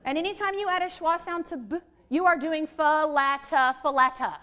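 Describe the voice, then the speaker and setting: High-voiced woman leading a teacher workshop. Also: fairly quick. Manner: lively, modeling letter sounds to a room of teachers. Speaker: literacy trainer.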